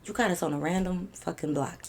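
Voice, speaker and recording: A young woman casually telling a storytime, animated and slangy, swearing freely and dropping to quiet asides. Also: fairly low pitch, fairly quick. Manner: quiet asides that drop to a whisper.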